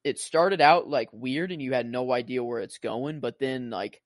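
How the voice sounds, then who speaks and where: A man's voice: medium pitch, normal speed, no echo, clean studio sound. Rambling man on a film podcast. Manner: rambling, lots of "like" and restarts. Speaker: podcast co-host. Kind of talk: casual film discussion.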